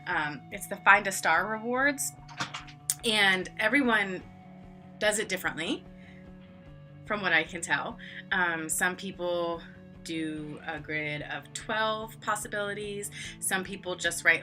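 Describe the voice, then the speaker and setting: Bright-voiced chatty woman teacher. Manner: chatty, filler-heavy, acts out classroom exchanges in high playful voices. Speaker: online English teacher. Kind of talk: casual vlog explanation.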